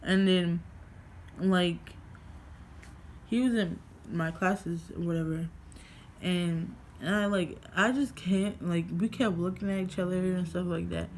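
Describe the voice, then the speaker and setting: A woman's voice: lowish voice, fairly even intonation, a little slow, slight background noise. A young woman from New York vlogging casually at home, rambling through a story with lots of fillers and swearing.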